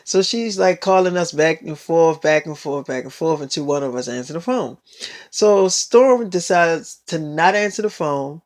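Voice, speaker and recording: A man's voice: on the high side, animated, moderate pace. A teenage boy telling a rambling story in a casual vlog, full of swearing and fillers. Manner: rambling and heavily profane.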